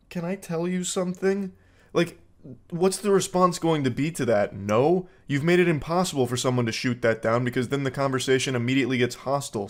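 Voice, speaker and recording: A man in his thirties giving deadpan, sarcastic comedy commentary while reading text messages aloud, mocking the quotes in put-on voices. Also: mid-range voice. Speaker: commentary host.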